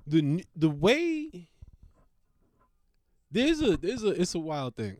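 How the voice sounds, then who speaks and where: A comedian rants to camera at a slow, drawn-out pace, full of swearing and stammered restarts. The voice sits at a middling pitch and sounds dry and close, with no room echo. Between rambling thoughts it breaks into loud scolding of a dog. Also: very animated. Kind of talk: profane comedic rant to camera.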